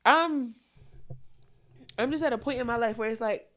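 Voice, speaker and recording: A woman's voice: fairly high pitch, moderate pace, a bit bright. A young adult woman co-hosting a podcast, talking bluntly and candidly with a lot of profanity. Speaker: podcast co-host. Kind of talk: candid casual chat.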